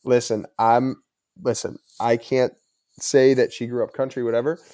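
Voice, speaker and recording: Mellow-voiced young man arguing calmly. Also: medium pitch, moderate pace. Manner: pushes back, argues calmly. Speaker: podcast co-host. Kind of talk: casual podcast chat.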